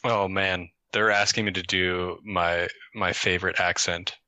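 A man chatting as a show guest, halting and stop-start with lots of fillers. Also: low voice, flat delivery, pushed and bright, no room sound. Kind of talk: casual chat.

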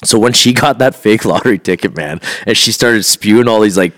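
A man's voice: on the low side, brisk, a bit bright. A man co-hosting a podcast, telling stories in casual chat, acting out quotes, swearing and laughing often. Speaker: podcast co-host.

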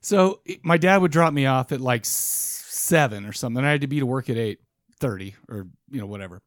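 A man's voice: medium pitch, lively intonation, fairly quick, dry recording, studio quality. A man co-hosting a podcast, telling a rambling story in casual banter with lots of restarts. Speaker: podcast co-host.

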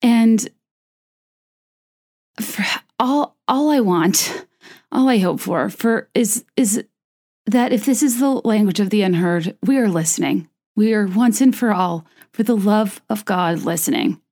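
A young woman giving a personal monologue to camera, earnest and impassioned, often halting and restarting mid-thought. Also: mid-range voice, lively intonation, a little mellow. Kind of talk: personal monologue to camera with a read-aloud passage.

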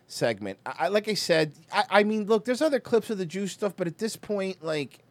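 A man's voice: high voice, lively intonation, moderate pace, no echo. A man hosting a podcast, ranting profanely in casual chat while reacting to clips. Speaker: podcast host.

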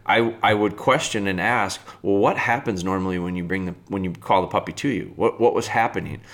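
Male dog trainer, lower voice, casual spoken advice, plain-spoken delivery. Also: fairly quick. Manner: plain-spoken, restarts, bursts into high excited puppy calls.

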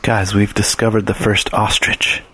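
A man's voice: fairly low pitch, level tone, unhurried, bright, forceful tone, husky. A man playing a tabletop game, making dry wisecracks in casual chat. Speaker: player.

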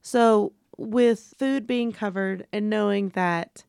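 A woman with a mid-pitched, creaky, gravelly voice co-hosts a relaxed podcast chat, teasing and laughing as she goes. She sounds close and dry. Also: slow, dry recording. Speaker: podcast co-host. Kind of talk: casual chat.

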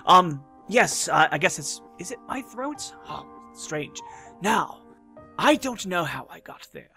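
A wry, sarcastic time traveler, played by a man in a tabletop game, speaking from inside someone else's body. The voice sits somewhat high and bright. Lines come out halting, with dry asides. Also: very animated, vocal fry, soft background music, heavily acted. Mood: puzzled. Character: Time Lord hero stuck in a villain's body, wry. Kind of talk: role-play in a tabletop game.

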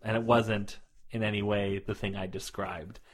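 A man's voice: on the low side, flat delivery, normal speed. A man co-hosting a podcast, chatting casually and rambling with fillers and restarts. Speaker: podcast co-host. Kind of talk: casual chat.

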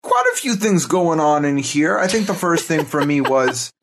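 A man with a fairly high, very lively voice that swings up and down as he reasons out loud. He is a podcast co-host in easy, casual chat. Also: moderate pace, background noise. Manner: thinking aloud, walking through clues.

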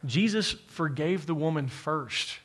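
A male preacher delivering a sermon to a church congregation. His voice sits a little higher than most men's, and he presses his points with emphatic repetition, turning to address the room directly. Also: animated, unhurried, fairly bright tone. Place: church, to a live congregation with an online audience.

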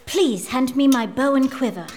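A woman's voice: high voice, normal speed, a little mellow, a little hiss or hum, lightly acted. A woman voicing an earnest girl who plays a gracious king, speaking politely in mock-old English.

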